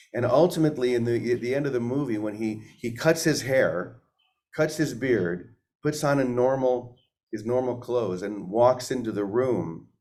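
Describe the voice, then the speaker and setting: A spiritual teacher hosts an informal talk, speaking conversationally, asking his listeners questions and repeating words as he thinks aloud. His voice is mid-range with a darkish tone.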